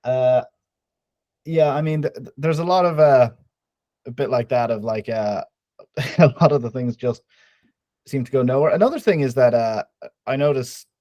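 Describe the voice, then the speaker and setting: A man co-hosting a podcast in casual chat, with deadpan ironic humor. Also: medium pitch, normal speed, pauses often, no echo, dull audio. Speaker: podcast co-host.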